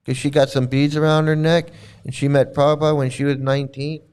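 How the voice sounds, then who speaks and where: A man's voice: a little high, little pitch movement, brisk, a little mellow, smooth. A man hosting casual commentary as he reacts to videos, blunt and sarcastic, swearing and often restarting his phrases.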